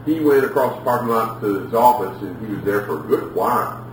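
A man preaching a sermon, telling lively stories and acting out the people in them. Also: fairly low pitch, brisk, a little hiss or hum. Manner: animated storytelling, acts out quotes. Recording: echoey room, from far off.

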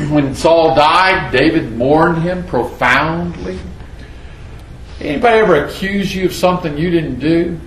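A man's voice: a little high, measured pace, gravelly, fairly bright tone, reverberant, slight background noise, poor audio. A man preaching a sermon, reading scripture dramatically and asking the audience rhetorical questions. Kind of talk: expository sermon.

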